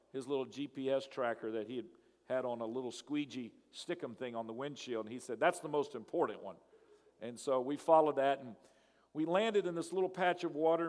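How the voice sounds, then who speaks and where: A male pastor tells a story from the pulpit, acting out both sides of the dialogue with animated flair. His voice sits a little high for a man and rings with the long reverb of a church hall. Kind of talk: sermon storytelling.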